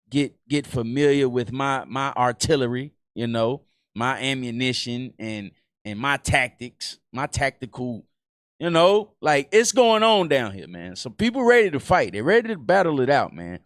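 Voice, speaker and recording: A man's voice: mid-range voice, dry recording, clean studio sound. A man with a Southern US accent, doing casual reaction commentary in a loose, profane, rambling way with many restarts. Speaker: reaction streamer.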